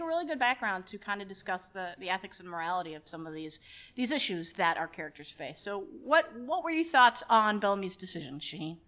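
A woman co-hosting a casual podcast, animated, laughing often and swearing casually. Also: medium pitch. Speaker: podcast co-host. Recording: dull lo-fi podcast audio.

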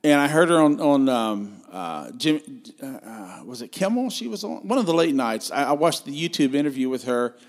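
A man's voice: mid-range voice, big pitch swings, moderate pace, few pauses. A man co-hosting a film review podcast, talking casually and enthusiastically, often stumbling and restarting his sentences.

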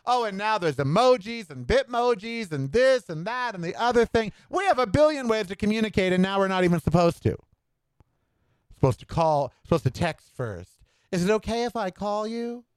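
A man's voice: high voice, lively intonation, normal speed, clear, resonant tone, dry recording. A middle-aged man hosting a solo podcast, ranting in an indignant, sarcastic way. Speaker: podcast host. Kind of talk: solo opinion rant.

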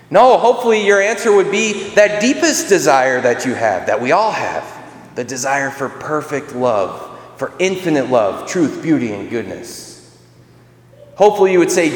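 A man's voice: medium pitch, very animated, moderate pace. A man preaching a sermon in a casual, conversational way, acting out the voices of people in the story. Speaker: priest. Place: church. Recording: echoey church with long reverb.

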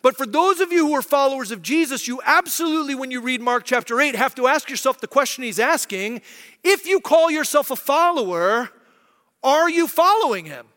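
Male pastor, thirties, high bright delivery, chatty sermon, church hall reverb. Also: animated, fairly quick. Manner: conversational, keeps asking "right?"; acts out quoted voices.

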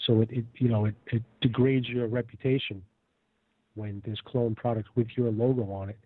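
A man's voice: medium pitch, fairly even intonation, moderate pace, husky, dry recording. A man joining a talk radio show as a regular panelist, blunt and matter-of-fact. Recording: phone-like line.

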